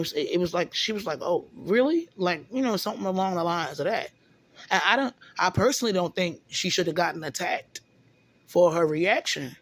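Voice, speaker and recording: Speaking in a slightly bright voice on the low side, a woman rambles through a casual venting session. She keeps tripping over repeated words and often drops in "you know what I'm saying".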